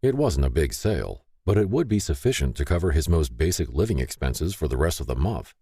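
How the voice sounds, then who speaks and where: A man reads an audiobook with a deep voice that moves expressively up and down. His delivery is scripted and storytelling. The sound is close and completely dry. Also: sing-song, brisk, warm tone, slightly rough, no echo. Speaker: audiobook narrator. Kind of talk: scripted narration.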